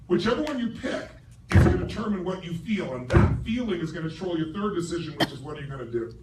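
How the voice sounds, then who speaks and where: A middle-aged man giving a live seminar speech to a large audience, forceful and profane, asking the crowd questions. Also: a little high, expressive, quick pace. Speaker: motivational speaker. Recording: roomy stage recording from far off, noisy.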